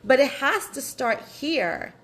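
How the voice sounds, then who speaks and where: A woman's voice: sits high, lively intonation, slow, rough recording. Earnest woman leading a spiritual workshop. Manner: earnest, candid, swears freely, repeats phrases. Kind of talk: live online workshop talk.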